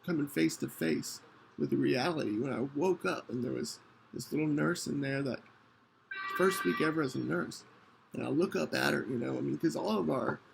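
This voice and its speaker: A man hosting a podcast, telling a personal story in an earnest, halting way with many restarts. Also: fairly high pitch, creaky, slight background noise, poor audio. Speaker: podcast host.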